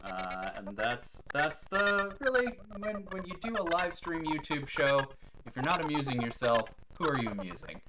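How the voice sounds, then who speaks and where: A woman with a very deep voice hosts a live stream in a casual, chatty way, cracking corny jokes and poking fun at herself. Her pitch swings up and down a lot as she talks. Steady background noise runs under her voice throughout. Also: moderate pace. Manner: corny joke-telling, self-mocking, chatty.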